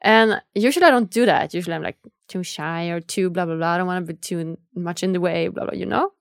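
A woman hosts a podcast in relaxed conversation. She talks earnestly and emotionally, with many fillers. The sound is close and dry. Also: lowish voice, fast, gravelly, no room sound. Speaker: podcast host. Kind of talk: casual interview chat.

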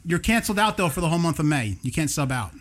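A man's voice: on the high side, very animated, fast, a bit bright. A man hosting a live party game, explaining the rules loosely with lots of fillers. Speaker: host running a party game.

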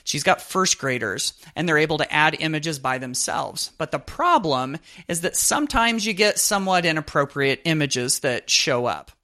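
A man hosting a podcast, reading a network plug and a listener's question in a brisk, announcer-like way. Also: a little high, animated, pushed and bright. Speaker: podcast host.

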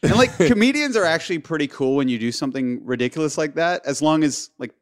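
A man's voice: a little high, quick pace. A man co-hosting a podcast, telling a long story in casual chat and often laughing as he goes. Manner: animated, laughs through his own story. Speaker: podcast co-host.

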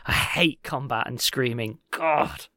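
A man co-hosting a casual podcast Q&A, animated and teasing, quick to laugh. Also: medium pitch, no echo. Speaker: podcast co-host.

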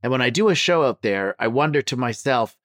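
A man's voice: medium pitch, expressive, a little fast, dry recording, studio quality. A man hosting a comedy podcast, joking and laughing often while introducing and interviewing a guest. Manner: jokey, laughs often, reads a warm intro. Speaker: podcast host. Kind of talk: casual interview chat.

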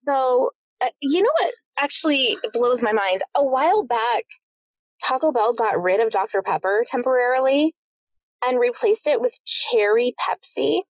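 A woman's voice: fairly high pitch, moderate pace, no echo, highs cut off. A woman co-hosting a podcast in casual chat, making dry joking asides. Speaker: podcast co-host.

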